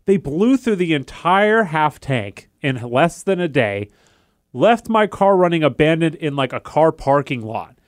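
A man's voice: fairly high pitch, big pitch swings, unhurried, dry recording, studio quality. A young man co-hosting a casual talk show, telling a long story and acting out the voices of the people in it. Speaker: podcast co-host.

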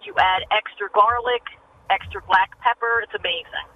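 A middle-aged woman calling in to a radio show, chatting and telling a story in an animated way. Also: medium pitch, normal speed. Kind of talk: casual phone chat. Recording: muffled phone line, faint noise.

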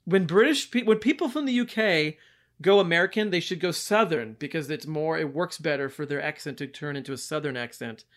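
A man co-hosting a casual film podcast, animated and laughing often as he talks about movies. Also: a little high, fairly quick. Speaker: podcast co-host. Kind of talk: casual movie review chat.

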